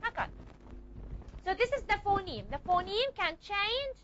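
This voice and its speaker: A woman's voice: extremely high pitch, very animated, measured pace, bright, forceful tone, dull audio, slight background noise. A woman teaching a classroom lecture, repeating and modeling sounds and checking often that students follow.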